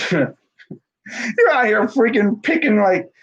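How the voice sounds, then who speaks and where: A man's voice: high-pitched, expressive, slow pace, lo-fi sound. A man in his twenties chatting casually about sports on a stream, rambling with lots of fillers and self-corrections while reading live comments. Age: 20s.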